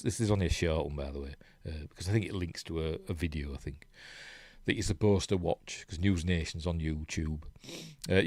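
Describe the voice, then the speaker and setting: A man's voice: low-pitched, moderate pace, no echo, clean studio sound. A man with a Yorkshire accent casually reading out news articles, rambling with asides and frequent ums. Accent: Yorkshire English. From Yorkshire, England. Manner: rambling, chatty, reads aloud with frequent ums.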